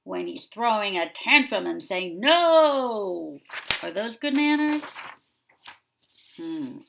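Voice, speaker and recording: A woman preschool teacher discussing a picture book with young children, asking them gentle questions. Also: mid-range voice, animated, takes it slowly, vocal fry, background noise.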